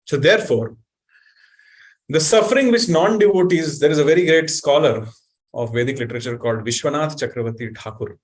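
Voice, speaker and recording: Guy giving a lively sermon, kinda high voice, keeps asking the crowd stuff. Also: brisk. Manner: animated, questions the audience, recites Sanskrit verses. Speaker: spiritual teacher.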